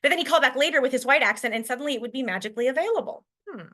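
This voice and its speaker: Quick, bright-voiced woman presenting. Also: high-pitched, lively intonation. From Washington State. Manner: chatty, thinks aloud with fillers and restarts. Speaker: teacher. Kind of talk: conference presentation.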